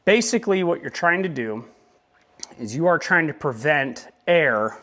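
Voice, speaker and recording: Young man, motovlogger, rambling casual talk, joking asides, slightly higher voice. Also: lively intonation, measured pace, sharp tone.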